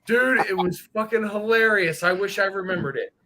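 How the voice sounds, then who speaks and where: A man's voice: high-pitched, normal speed, bright, forceful tone, low-quality recording. A man telling a long, profane story in casual chat on a livestream.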